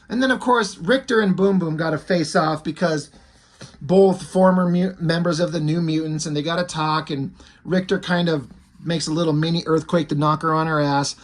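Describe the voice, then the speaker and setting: A man's voice: fairly high pitch, fairly even intonation, normal speed. A man talks his way through a comic book in a loose, unscripted style. He is blunt and swears freely, and he rambles from panel to panel. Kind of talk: casual comic book commentary.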